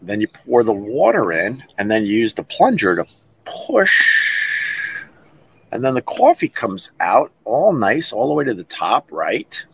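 A middle-aged man hosting a podcast, telling stories in a casual livestream chat and acting out whispered and loud impressions. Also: medium pitch, gravelly, slightly rough. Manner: animated storyteller who acts out whispered and loud impressions. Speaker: podcast host.

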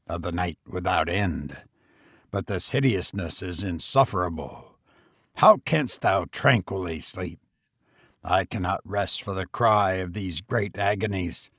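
A man's voice: mid-range voice, vocal fry, fairly bright tone, husky, no room sound, clean studio sound, heavily acted. A man voicing a mournful, gibbering male fiend who was once a merciless mortal, pleading in archaic speech in a storybook reading.

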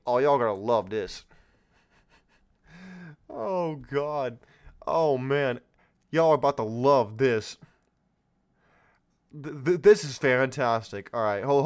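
A man hosts his own solo political commentary podcast, speaking sarcastically and mockingly with lots of exclamations. His medium-pitched voice is expressive and a little mellow, moving slowly with long pauses.

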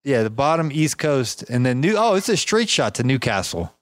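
A man's voice: mid-range voice, sing-song, normal speed, no echo. A chatty male podcast host with a drawl, talking casually and laughing at himself. His voice sits mid-range and sounds close and dry, with no room around it. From Georgia, United States. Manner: chatty, self-deprecating, frequent restarts. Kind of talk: casual interview chat.

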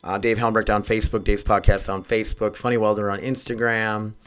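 Male podcast host, solo, casual and self-deprecating, rambles and loses his thread, low-to-mid voice, home mic. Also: flat delivery, a little fast, a bit bright, smooth. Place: home recording setup. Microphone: desk microphone.

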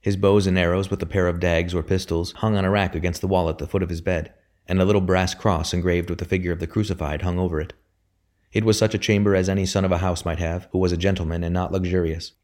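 A man narrating a novel aloud in a measured storytelling manner. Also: low voice, level tone, a little mellow. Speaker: audiobook reader. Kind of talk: scripted narration.

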